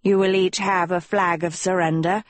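A woman's voice: on the low side, level tone, moderate pace, no echo, close to an everyday voice. A woman voicing a pompous talking dog who reads out school rules in a formal, lecturing way. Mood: reassuring. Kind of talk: audiobook character voice.

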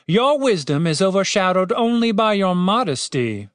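A man's voice: fairly high pitch, big pitch swings, measured pace, fairly bright tone, no echo, clean studio sound, voice pushed up. A man voicing a self-righteous, scornful guard captain with an indignant, sarcastic manner.

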